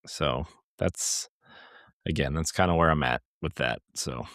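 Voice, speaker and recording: A man co-hosting a gaming podcast, chatting casually in a rambling, animated way with lots of fillers. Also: very deep voice, measured pace, no echo, studio quality. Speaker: podcast co-host. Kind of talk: casual chat.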